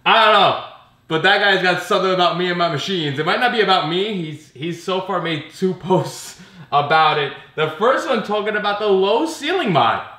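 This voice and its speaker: A man talks through a loose, ranting vlog, sarcastic and quick to swear or laugh. His voice sits a little high and sounds bright and forceful. The room around him rings with a noticeable echo. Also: animated. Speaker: pinball vlogger. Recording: roomy echo.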